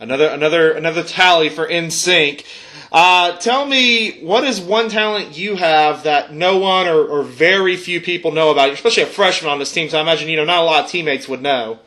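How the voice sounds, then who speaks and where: A man's voice: fairly high pitch, brisk, pushed and bright. A man hosting a college sports interview segment, asking questions in an upbeat, playful way with scripted lead-ins.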